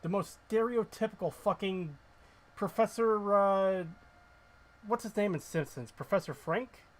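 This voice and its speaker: A man's voice: high-pitched, a little slow. A male game streamer giving casual, ranting commentary, blunt and sarcastic, who swears freely.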